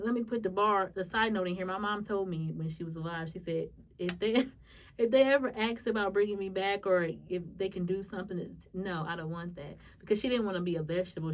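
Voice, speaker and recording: A woman hosting a podcast, telling a personal story in a halting, emotional way with many restarts. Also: medium pitch, distant mic, rough recording. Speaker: podcast host.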